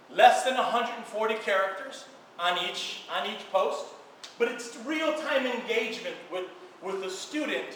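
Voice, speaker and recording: A man giving an energetic conference talk to an audience, stressing key words and repeating phrases for effect. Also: high-pitched, distant mic, slight background noise. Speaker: speaker at a social media event. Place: event hall with an audience. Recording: echoey room picked up from afar.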